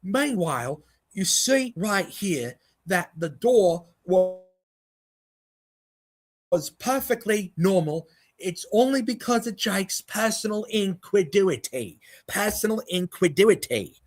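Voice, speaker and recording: A man doing a mocking impression of a smug debunker who lectures slowly and preachily in a raised voice. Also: sits high, expressive, pitched above the performer's own voice, exaggerated voice. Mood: smug lecturing.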